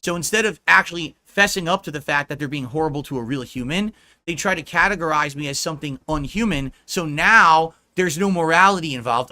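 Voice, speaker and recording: A man on a livestream rants at his critics with profanity and mockery. His voice sits a little high and sounds bright and forceful, with a combative edge. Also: expressive, brisk.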